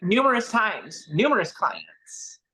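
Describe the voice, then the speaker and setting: A woman's voice: medium pitch, sing-song, takes it slowly, pushed and bright. A woman co-hosting a casual podcast chat, telling stories in a dry, wry way. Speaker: podcast co-host.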